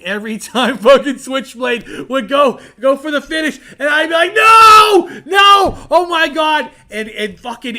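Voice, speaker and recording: A man co-hosting a casual podcast, excitable and swearing constantly, shouting when worked up. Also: extremely high pitch, gravelly. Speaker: podcast co-host. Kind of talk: casual chat.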